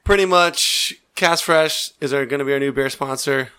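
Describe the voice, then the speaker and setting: A man's voice: mid-range voice, moderate pace, sharp tone, clean tone. A man hosting a podcast in casual banter, joking and teasing his friends. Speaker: podcast host.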